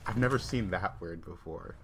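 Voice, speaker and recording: A man's voice: low voice, moderate pace, crowd noise. Laid-back man streaming a card game. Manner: laid-back, chatty, reads and answers chat while playing. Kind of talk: casual livestream chat with gameplay commentary.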